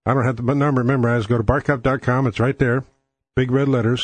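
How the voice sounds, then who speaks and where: A man's voice: mid-range voice, fairly even intonation, a little fast, slightly rough, dry recording. Blunt, crude man hosting a podcast. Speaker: podcast host. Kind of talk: casual monologue.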